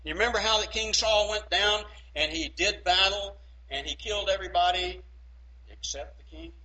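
A man preaching a sermon emphatically, swinging between loud and hushed and checking in with "okay?". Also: high-pitched, normal speed, poor audio.

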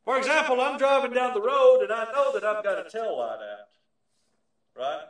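A man preaching a sermon, emphatic and shifting from loud declarations to hushed asides. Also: extremely high pitch, animated, normal speed. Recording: echoey, from far off the mic.

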